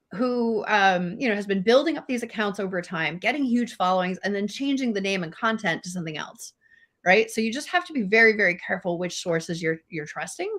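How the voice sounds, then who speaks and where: A woman co-hosting a podcast in a loose, conversational discussion. She talks earnestly and with emphasis, repeating words for stress and filling pauses with small hesitations. Her voice sits at an ordinary middle pitch. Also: lively intonation, fairly bright tone. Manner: earnest, emphatic, many fillers. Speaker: podcast co-host. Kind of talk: casual discussion.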